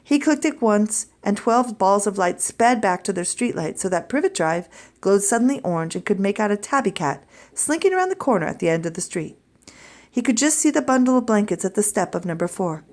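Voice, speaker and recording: A woman teacher reads a children's story aloud to her class. Her narration is clear and expressive, and her voice sits at a middle pitch for a woman. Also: fairly quick. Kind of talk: reading a book aloud to students.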